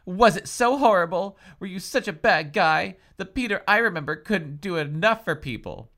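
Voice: mid-range voice, animated, moderate pace, a bit bright, pitched above the performer's own voice. A podcaster voicing a brash young woman heroine from a ghost story, read aloud in an exaggerated, mocking way.

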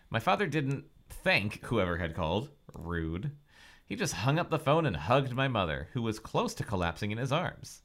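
A man's voice: lowish voice, big pitch swings, normal speed, fairly bright tone. A man reading a book aloud as a podcast co-host, with mock-dramatic emotion and teasing asides. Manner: reads with mock-dramatic over-the-top emotion and laughing interjections.

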